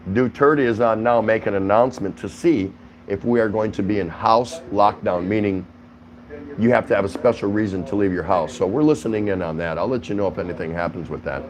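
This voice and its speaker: A man with a fairly low voice chats casually with his livestream audience from home. He greets viewers by name, reacts to their comments and laughs easily as he talks. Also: slight background noise, low-quality recording. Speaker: livestream host.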